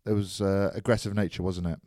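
A man's voice: sits low, flat delivery, fast talker, mellow, no room sound, studio quality. A man chatting casually about his weekend, rambling and laughing at his own jokes. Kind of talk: casual banter.

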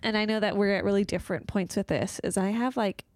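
A woman's voice: medium pitch, fairly even intonation, quick pace, a little mellow, dry recording. A young woman co-hosting a casual podcast chat, rambling and self-deprecating, overwhelmed and close to tears as she laughs through her stress. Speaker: podcast co-host.

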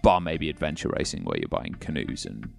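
Gravelly deep-voiced man in casual chat. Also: big pitch swings, fairly quick, faint music behind. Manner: sarcastic, rambling with many restarts. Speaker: podcast co-host.

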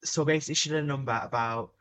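A man's voice: medium pitch, steady tone, racing, a bit bright. Sweary male podcast co-host, faint hiss. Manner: blunt, sweary, enthusiastic. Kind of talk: casual chat.

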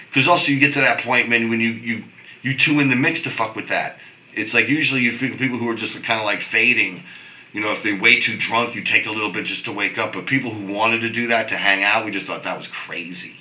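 A middle-aged man telling stories in casual chat, animated, swearing and restarting his sentences. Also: mid-range voice, roomy sound, poor audio. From New York. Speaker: guest.

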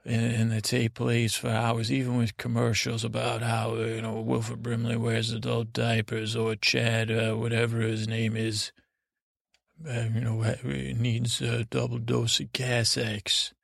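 A man narrates a rambling bedtime story with a heavily gravelly, fried voice. He keeps his pitch nearly flat and drifts along, often stalling and restarting his sentences. The sound is dry and close, with no room around it. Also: no room sound. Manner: meandering, halting, full of restarts. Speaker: podcast host.

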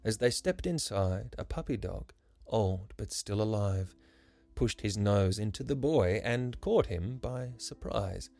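A man reading a rhyming story aloud as a podcast storyteller, soft and measured. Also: fairly low pitch, animated, gravelly, dry recording. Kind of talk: scripted rhyming narration. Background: soft instrumental music.

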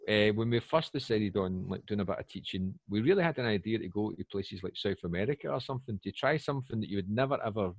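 A Scottish man in his forties, a podcast guest chatting casually and breaking into loud, animated asides. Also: on the low side, fast, few pauses, no echo. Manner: animated storyteller, bursts up loudly for asides.

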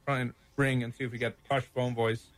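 An Irish man hosts a radio show with a middle-pitched voice, ribbing his co-host and laughing easily. He sounds dry and close to a studio mic. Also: little pitch movement, no echo. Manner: jokey and teasing, quick to laugh. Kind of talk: casual radio chat.

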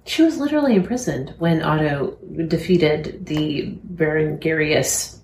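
A woman from the United States co-hosting a podcast, bubbly and quick to laugh at herself in casual chat. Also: sits low, a little mellow, a little hiss or hum. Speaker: podcast co-host. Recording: roomy echo.

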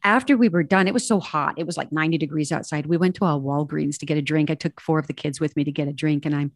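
A woman guest speaks with a slightly low voice, recounting events in a lively, animated way. She acts out the back-and-forth of other people's words as she goes. The sound is dry and close. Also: fast talker, no echo. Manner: animated, acts out quoted dialogue. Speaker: guest, ministry president. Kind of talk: casual interview storytelling.

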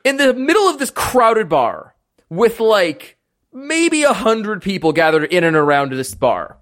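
A man's voice: sits high, big pitch swings, unhurried, a bit bright. A man running a tabletop game as game master, narrating casually with lots of fillers.

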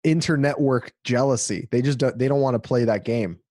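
A man's voice: medium pitch, a little fast, darkish tone, no room sound. A man hosting a casual podcast, speaking emphatically and indignantly, often restarting his sentences.

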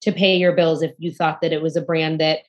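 A woman hosting an interview, speaking quickly and affirming her guest, often restarting her sentences. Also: sits low, level tone. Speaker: interviewer host. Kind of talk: conversational interview.

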